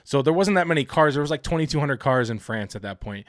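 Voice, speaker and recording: A man's voice: on the high side, expressive, quick pace, no room sound, studio quality. A young man co-hosting a podcast, chatting loosely with lots of fillers and frequent laughs. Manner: laughs often, loose rambling storytelling with many fillers. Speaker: podcast co-host. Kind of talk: casual chat.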